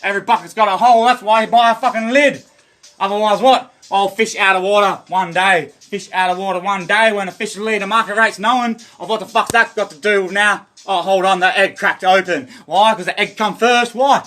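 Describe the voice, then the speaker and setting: Australian man, livestreamer; rambling and profane, higher tense voice. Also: fairly even intonation, fairly quick, a bit bright. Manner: rambling, profane, stream-of-consciousness. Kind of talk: rambling monologue.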